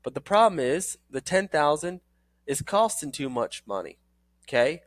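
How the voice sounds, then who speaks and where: An energetic man coaching trainees through a sales script. He repeats phrases for emphasis and talks straight to the listener. The sound is dry and close, with little room in it. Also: on the high side, moderate pace, dry recording. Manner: acts out sales calls in several voices. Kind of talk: recorded training course.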